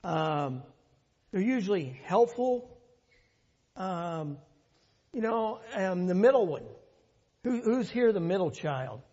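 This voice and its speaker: An older man presenting at a church workshop, halting and full of ums, recorded in a church hall. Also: high voice, sing-song, a little mellow, husky, muffled recording.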